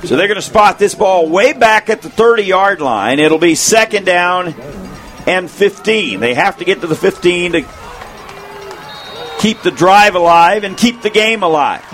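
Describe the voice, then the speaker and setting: A man with a high, bright voice calls a football game play by play. He speaks quickly and excitedly and shouts over big plays, and his voice is going hoarse. Faint music plays behind him. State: losing his voice. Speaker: play-by-play announcer. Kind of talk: play-by-play sports commentary.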